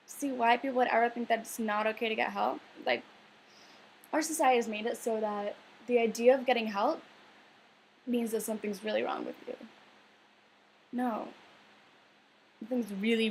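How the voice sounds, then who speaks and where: A woman's voice: a little high, creaky, slight background noise, poor audio. A young woman in a casual advice vlog, earnest and rambling, with many filler words. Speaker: vlogger.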